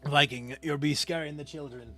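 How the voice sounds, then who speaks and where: A man streaming a game, chatting casually and answering his viewers' chat with quick asides. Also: a little high, fairly even intonation, fairly bright tone, faint music behind. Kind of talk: casual live-stream chat while gaming.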